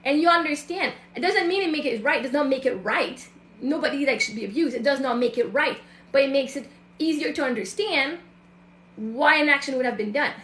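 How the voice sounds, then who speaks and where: Brief: woman mindset coach, high voice, emphatic and direct, roomy echo. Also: brisk, a bit bright. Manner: emphatic, acts out other people's voices. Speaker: self-love and mindset coach. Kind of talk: casual monologue to an online audience.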